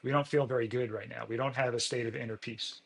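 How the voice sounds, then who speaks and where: This is a man of ordinary middle pitch, talking as a physician guest on a podcast. He explains in an earnest, steady way. He often stops to act out sample dialogues in a brighter, lifted voice. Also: fast talker, creaky, low-quality recording.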